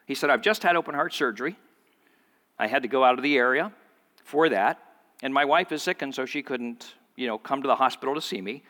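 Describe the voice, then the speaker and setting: Bright-voiced pastor in a reverberant hall. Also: male voice, fairly quick. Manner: storytelling, voices quoted speakers with pitch jumps. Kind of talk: sermon.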